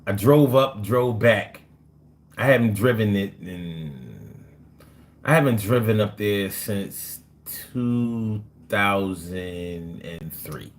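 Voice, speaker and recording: Animated joking New man. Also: fairly low pitch, slow. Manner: loose, joking, slangy, laughs often. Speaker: live stream host reading chat. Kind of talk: casual live chat.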